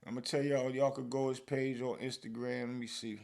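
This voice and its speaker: A man with a New York accent runs a podcast in an animated, casual way. His voice has a gravelly edge, and he keeps landing his points with "man.". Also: mid-range voice, brisk. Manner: animated, repeats "man" and "bro". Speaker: podcast host. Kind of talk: casual commentary.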